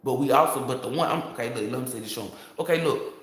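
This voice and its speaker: A man who reads tarot, telling a story to his viewers in a casual, excitable and profane way, full of restarts. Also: medium pitch, quick pace, reverberant, slight background noise. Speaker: tarot reader.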